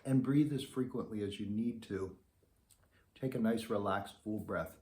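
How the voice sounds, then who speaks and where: A man's voice: on the low side, normal speed, darkish tone. A man teaching beginner trombone in an easygoing, conversational way, demonstrating as he explains. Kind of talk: relaxed instructional talk to camera. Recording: echoey room.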